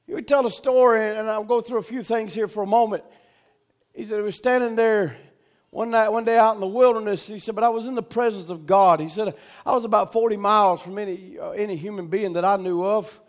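A man preaching a sermon, telling a folksy story and building to fervent shouts with call-outs to the congregation. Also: high voice.

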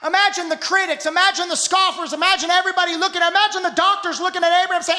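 A man preaching a sermon with fervent, rhythmic repetition that builds to shouts. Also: very high-pitched, level tone, rapid-fire, hardly any pauses.

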